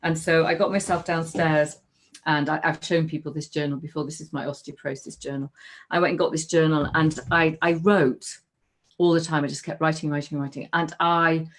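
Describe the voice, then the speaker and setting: Animated, lower-pitched woman telling her story. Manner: animated, storytelling, with frequent restarts and quoted inner voices. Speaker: guest. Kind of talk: casual conversation.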